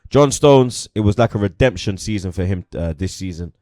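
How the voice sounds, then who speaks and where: A man's voice: on the low side, expressive, moderate pace, warm tone, no room sound, clean studio sound. A young man chatting casually about football as host, peppering his talk with slang like "you get me" and "blood".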